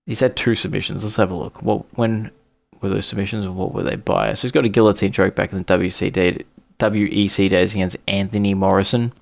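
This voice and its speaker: A low, gravelly man talks alone in a loose, rambling way, stopping often to correct himself. The recording is dull and lo-fi. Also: fairly even intonation, brisk. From Australia. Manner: rambling, self-correcting, apologetic. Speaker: podcast host giving fight picks. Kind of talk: casual solo commentary.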